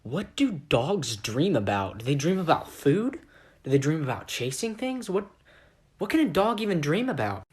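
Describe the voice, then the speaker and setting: A man's voice: fairly high pitch, sing-song, normal speed, darkish tone, slightly rough. A man doing Marvin, a puzzled dreamer. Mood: curious. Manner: earnest, puzzled questioning. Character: Marvin, a young man musing odd shower thoughts.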